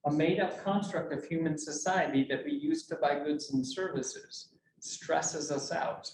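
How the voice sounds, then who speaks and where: Pitched on the high side, the man keeps a measured pace. The motivational talk to business listeners stays jokey and question-heavy, captured by a far-off mic in a roomy meeting room with a slight hum.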